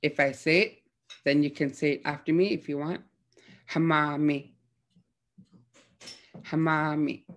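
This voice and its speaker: A young woman teaching throat singing in a gentle, hesitant way, with many fillers. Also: low-pitched, a little fast. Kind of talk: casual spoken lesson with demonstrations.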